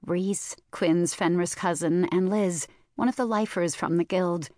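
A woman narrating a first-person fantasy novel in a steady, measured storytelling voice. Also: lowish voice, no echo, clean studio sound. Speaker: audiobook narrator.

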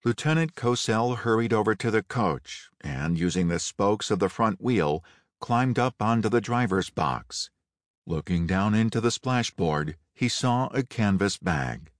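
Slow, low-voiced male narrator. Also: animated, no echo. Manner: unhurried, measured storytelling. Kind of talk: audiobook narration. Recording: dry close studio read.

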